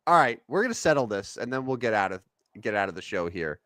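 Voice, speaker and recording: A man co-hosting a sports podcast, chatting casually about basketball stats and players with an animated delivery. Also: on the low side, fast talker, no echo. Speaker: podcast co-host. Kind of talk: casual sports chat and game commentary.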